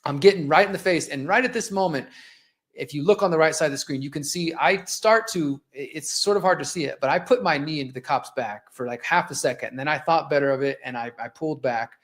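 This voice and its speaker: A man's voice: fairly high pitch, fast, a bit bright. A man in his forties hosting a live show, telling a personal story in an impassioned, conversational way while narrating video clips. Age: 40s. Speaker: host.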